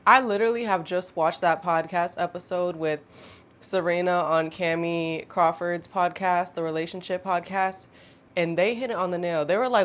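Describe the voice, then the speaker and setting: A woman's voice: lowish voice, normal speed. Chatty young woman telling a story. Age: 20s. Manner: animated, chatty, laughing asides. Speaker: storytime vlogger. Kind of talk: casual storytime monologue.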